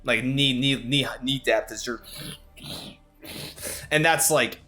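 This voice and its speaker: A man's voice: medium pitch, takes it slowly, bright, forceful tone, soft background music. Rambling young man narrating a game. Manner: casual, rambling narration full of fillers. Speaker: game master.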